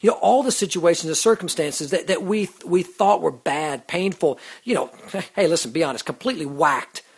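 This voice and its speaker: A man's voice: a little high, moderate pace, creaky, breathy edge. Earnest man giving a devotional talk. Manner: earnest, full of "you know" and restarts. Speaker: host of a Christian radio show.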